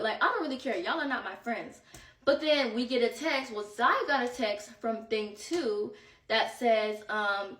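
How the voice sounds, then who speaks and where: A woman tells a story in casual storytime style, animated and slangy, and a little out of breath. Her voice sits a touch high. The room is echoey and she sounds set back from the mic. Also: distant mic. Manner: animated, slangy, quoting friends in bursts. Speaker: vlogger telling a story.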